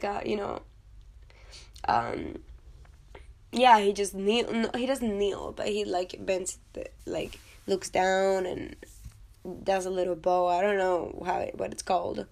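A woman's voice: mid-range voice, vocal fry. Chatty woman reviewing a film. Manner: chatty, blunt, swears, rambling asides. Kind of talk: casual chat.

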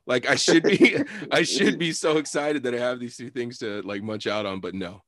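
A young man co-hosting a podcast, telling a long story in a loose, profane, animated way with lots of fillers. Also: mid-range voice, brisk, few pauses, dry recording, clean studio sound. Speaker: podcast co-host. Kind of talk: casual storytelling chat.

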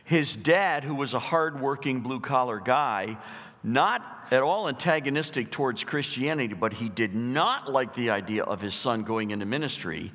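A middle-aged male pastor preaching a sermon, telling a story in an emphatic, animated way. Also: medium pitch, normal speed, long reverb tail.

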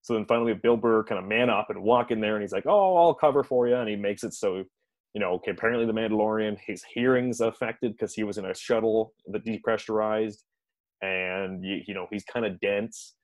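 A man's voice: fairly low pitch, steady tone, fairly quick, no echo. A man casually recapping a TV episode in a rambling way, full of fillers and restarts, chuckling now and then.

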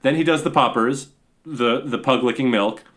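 A man co-hosting a podcast, recapping a movie scene in a dry, deadpan way with many hesitant fillers. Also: medium pitch, moderate pace. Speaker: podcast co-host.

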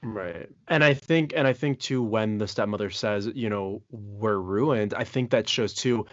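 A man's voice: fairly low pitch, unhurried, dry recording, highs cut off. A man co-hosting a podcast, talking through a film in casual chat with earnest, reflective enthusiasm. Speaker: podcast co-host.

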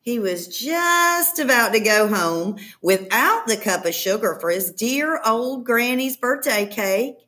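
A woman reading a children's story aloud in an expressive, playful storytelling manner. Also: on the high side, slow pace, few pauses.

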